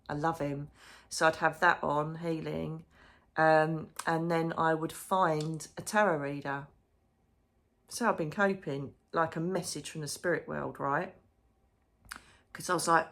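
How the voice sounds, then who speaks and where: A woman's voice: sits low, steady tone, measured pace, vocal fry. A woman chatting emotionally in a casual diary vlog from a hotel room. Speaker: psychic medium vlogger.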